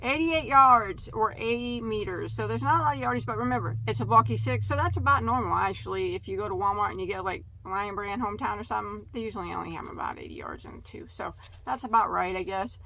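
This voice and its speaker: A woman's voice: mid-range voice, fast talker, vocal fry, sharp tone. A woman hosting a casual yarn haul video, chatty and tripping over yarn names. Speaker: crochet channel host.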